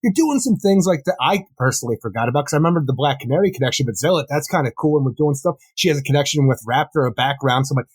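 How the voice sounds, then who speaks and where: A man's voice: fairly high pitch, animated, rapid-fire, few pauses, slightly rough. A man co-hosting a comics podcast in casual review chat, eagerly summarizing and often laughing. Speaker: podcast co-host.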